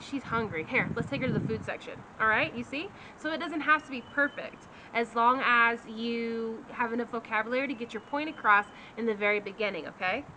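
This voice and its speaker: A woman's voice: a little high, poor audio. Upbeat woman teacher, vehicle noise behind. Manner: energetic, often checks in with "okay?". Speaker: Spanish teacher. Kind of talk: casual teaching monologue.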